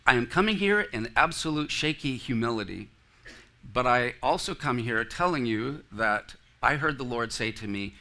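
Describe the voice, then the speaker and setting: Male pastor, mid pitch, very bright tone, earnest sermon style with congregation asides. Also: expressive, normal speed. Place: church sanctuary.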